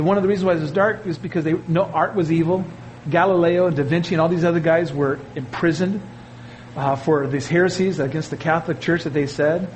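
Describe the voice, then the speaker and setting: A pastor preaching a sermon, animated, with his voice jumping up for emphasis and asides to the congregation. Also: sits high, a little hiss or hum, poor audio.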